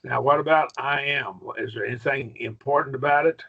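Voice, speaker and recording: A man's voice: medium pitch, fairly quick, creaky, sharp tone, slightly rough, dull audio. A man teaching a Greek grammar class in a patient manner, often checking in with his students. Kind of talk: classroom lesson.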